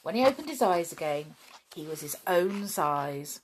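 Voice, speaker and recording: Expressive woman reading a children's story. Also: low voice, moderate pace, a little hiss or hum. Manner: gentle, expressive storybook delivery.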